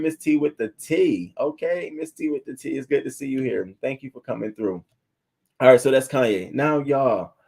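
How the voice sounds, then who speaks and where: A man hosting a celebrity gossip live stream, chatting in a casual, animated way and greeting viewers in the chat. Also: medium pitch. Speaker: celebrity gossip show host.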